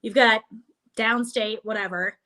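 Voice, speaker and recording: A woman from Buffalo, New York, hosts a casual interview over a video call. Her voice sits a little high and sounds bright and crisp. She talks in a quick-witted, teasing way. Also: steady tone. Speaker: radio show host.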